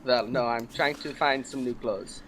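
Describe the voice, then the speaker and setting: A man's voice: mid-range voice, fairly even intonation, normal speed, a bit bright, slight background noise, voice pushed down, close to an everyday voice. A man playing a stiff, formal bounty hunter in a tabletop game, with stilted, polite phrasing. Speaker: player.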